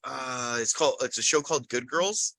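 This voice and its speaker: A man's voice: medium pitch, moderate pace, gravelly, sharp tone, no room sound, low-quality recording. A man co-hosting a podcast, telling a rambling story in casual chat, swearing freely and laughing often. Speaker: podcast co-host.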